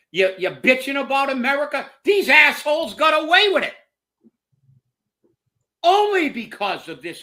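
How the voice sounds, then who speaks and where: Heated and profane, a male co-host of a political commentary show goes on an angry rant in a high, bright voice, repeating words as he gets worked up.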